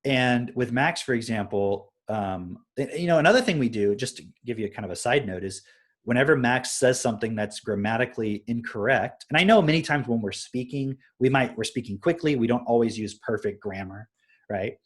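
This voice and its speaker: A young adult man with a slightly husky voice talks casually on a live stream. He explains things through everyday stories, often pausing to ask "right?". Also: mid-range voice, lively intonation. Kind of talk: casual parenting talk.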